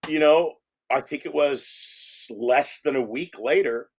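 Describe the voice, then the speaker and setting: A man, a film director, telling animated anecdotes in a casual interview, swearing freely and acting out other people's voices. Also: fairly high pitch, takes it slowly, a little hiss or hum.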